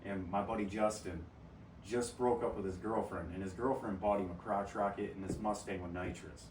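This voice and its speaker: A man's voice: low-pitched, steady tone, normal speed, far from the mic, background noise. A man hosting a podcast in casual chat, telling profane stories and laughing often. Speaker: podcast host. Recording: roomy echo from off-mic, faint ambience.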